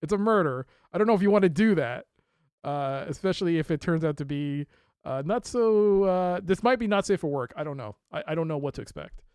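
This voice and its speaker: A live streamer giving chatty let's play commentary, rambling with self-correcting asides and breaking into loud yelps and laughter while playing. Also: medium pitch, expressive, brisk, smooth, dry recording.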